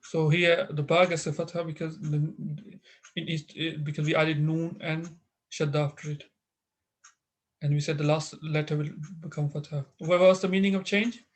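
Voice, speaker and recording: A man teaching an online Arabic class, explaining grammar patiently with many pauses, fillers and restarts over a video call. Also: fairly high pitch, level tone.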